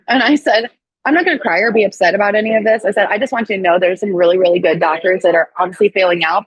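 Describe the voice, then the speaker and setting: A woman in her thirties from Missouri, a podcast guest telling a personal story in a casual, animated way, full of "like" and acted-out quotes. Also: mid-range voice, slightly rough, no room sound, low-quality recording. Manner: animated, acts out quoted voices, frequent "like".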